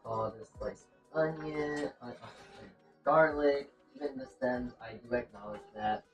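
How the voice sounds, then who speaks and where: In a home kitchen, a streamer cooks and chats casually, reading chat and talking to themself as much as to viewers. Their mid-range voice runs a little slow. The mic is distant, with music in the background.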